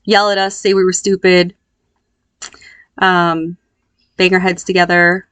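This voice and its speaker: A woman in her thirties telling a personal story in a candid, reflective, unhurried way. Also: on the low side, flat delivery, a bit bright, clean tone. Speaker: vlogger.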